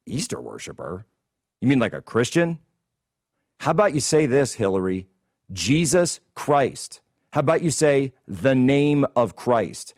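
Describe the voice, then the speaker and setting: Guy ranting on his political show, fired up and combative, dead dry mic, middle pitch. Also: a little mellow, no echo. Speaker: host. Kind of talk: political commentary monologue.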